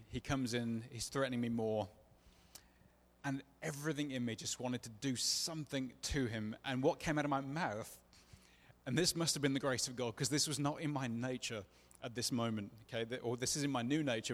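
Preacher giving a testimony, earnest, mid-pitched man, echoing hall. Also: steady tone, a little fast. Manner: earnest, confessional, acts out dialogue. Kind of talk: sermon testimony storytelling. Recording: long reverb of a large hall.

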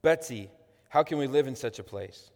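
A man's voice: medium pitch, lively intonation, moderate pace, a little mellow, close to an everyday voice. A man reading aloud the lines of a frightened, reluctant young woman prisoner, doubtful and wailing. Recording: long echoey hall reverb.

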